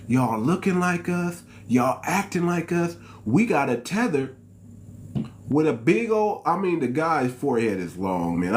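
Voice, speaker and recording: An American man hosts his channel with an unscripted commentary monologue, speaking straight to viewers in an emphatic, slangy style that repeats its points. His voice is mid-range, with a little hiss or hum in the background.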